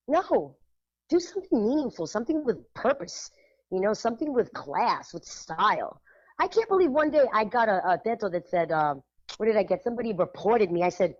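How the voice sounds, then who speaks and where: A woman curating art shows, talking on a radio show in a lively, emphatic way, laughing often and dropping into Spanish phrases. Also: medium pitch, brisk, no room sound, highs cut off. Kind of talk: casual radio chat.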